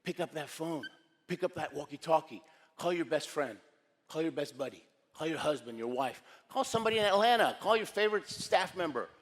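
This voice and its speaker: A man in his sixties delivering a motivational keynote with punchy, dramatic storytelling. His voice sits a little high for a man, and it rings with a long reverb from a large hall. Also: lively intonation, a little fast, a bit bright.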